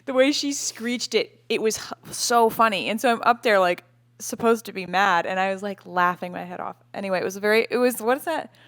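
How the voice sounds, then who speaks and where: A woman's voice: mid-range voice, a little fast, fairly bright tone, dry recording. A woman in her late twenties co-hosting a casual podcast from home, chatty and laughing often. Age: late 20s. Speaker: podcast co-host. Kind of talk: casual chat. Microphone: podcast microphone with cover.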